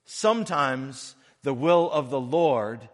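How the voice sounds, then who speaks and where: A male pastor delivers an earnest sermon at a mid-range pitch, pausing between phrases and dropping to near-quiet before rising again. His voice rings with the long reverb of a church sanctuary. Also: lively intonation. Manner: earnest, with phrases broken by pauses and swings between soft and loud.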